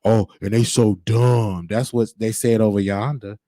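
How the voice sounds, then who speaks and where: A man's voice: fairly low pitch, fairly even intonation, measured pace, mellow, dry recording. Emphatic preachy man. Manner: preachy, emphatic, repeats himself. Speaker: show host. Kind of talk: casual livestream monologue. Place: Texas.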